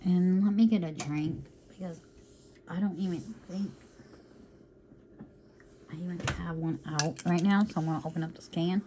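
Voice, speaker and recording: A woman's voice: fairly low pitch, steady tone, moderate pace, pauses often, background noise. A woman vlogging casually while she works on a craft, calling her viewers y'all and often breaking off to apologize or talk to herself. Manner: chatty, calls viewers y'all, apologetic asides; talks to herself while working. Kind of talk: casual chat while diamond painting.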